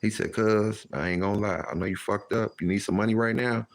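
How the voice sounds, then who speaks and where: Low-voiced man telling a street story. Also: brisk, gravelly, no echo. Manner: animated, acts out quoted voices, heavy slang. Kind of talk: casual storytelling.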